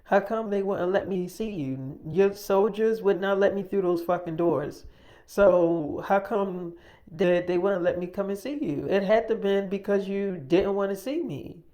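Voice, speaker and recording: A man's voice: high-pitched, normal speed, a little mellow, natural voice. A man voicing a pushy, impatient young woman in an improvised audio story, exasperated and swearing.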